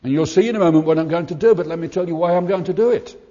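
A man's voice: fairly high pitch, rapid-fire, warm tone. An older man preaching a sermon in an earnest, emphatic way, repeating his points. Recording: muffled hall recording with long reverb.

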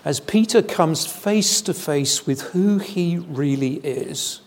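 A man preaching an evening sermon in a church, measured and deliberate, with solemn emphasis. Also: fairly high pitch. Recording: long hall reverb.

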